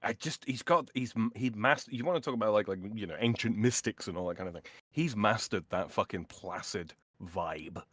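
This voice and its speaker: A man's voice: lowish voice, fairly quick, few pauses, a bit bright, dry recording, studio quality. A man in a casual chat, joking wryly and swearing casually. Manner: wry, jokey, swears casually. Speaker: podcast co-host.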